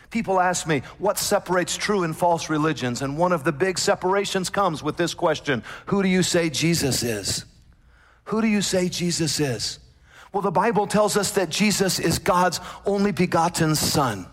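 A pastor with a somewhat high-pitched voice delivers a sermon to his congregation. He quotes scripture and slows right down to stress key words. His voice rings out with a long reverb through a large church hall. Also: fairly bright tone. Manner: preaching with dramatic slowing and emphasis, quoting scripture.

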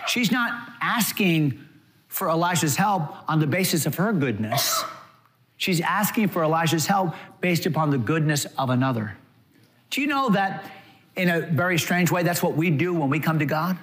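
A male pastor delivering a sermon in a high voice. His pitch rises and falls with lively animation. He slips into quoted voices to act them out. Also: moderate pace.

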